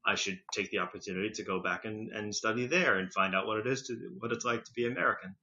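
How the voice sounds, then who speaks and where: A young man with a slightly British-tinged accent, chatting casually as a podcast guest, rambling with lots of fillers and quick laughs. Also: fairly low pitch, pushed and bright. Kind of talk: casual conversational storytelling. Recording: slightly muffled lo-fi recording.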